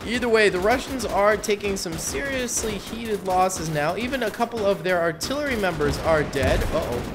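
A man giving casual, excitable gameplay commentary on his gaming channel, exclaiming at big moments. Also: high-pitched, normal speed, noisy background. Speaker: gaming YouTuber. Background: faint game gunfire and music.

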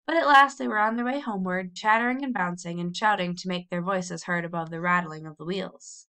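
Bright-voiced woman reading a storybook. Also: on the low side, fairly quick, clean tone. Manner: lively, with brief cheerful character voices. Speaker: audiobook reader. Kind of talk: storybook narration.

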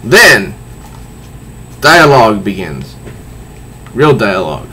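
A man's voice: fairly low pitch, sing-song, slow, bright, forceful tone, husky. A man giving a casual comic book review, recounting panels aloud with sound effects and frequent restarts.

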